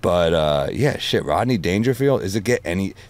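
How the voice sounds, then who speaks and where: A man telling animated stories in casual podcast chat, swearing freely. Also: low voice, normal speed. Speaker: comedian guest.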